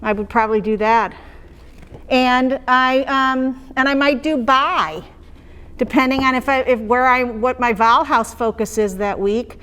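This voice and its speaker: A woman with a fairly high voice walks fellow teachers through how she teaches phonics. She talks in a loose, conversational way and checks in often with her listeners. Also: fairly even intonation, unhurried, a bit bright, clear, resonant tone. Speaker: teacher trainer. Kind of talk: explaining classroom phonics practice.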